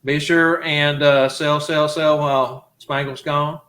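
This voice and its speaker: A male host of a casual live talk show, bright and crisp in tone. He keeps the chat moving with friendly questions and encouragement. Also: fairly high pitch, flat delivery, slow.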